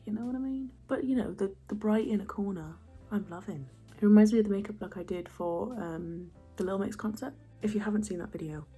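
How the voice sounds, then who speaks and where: A young woman chatting casually through a makeup routine, soft and often half-whispered, chatty and self-mocking. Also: medium pitch, gravelly, breathy edge. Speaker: beauty vlogger.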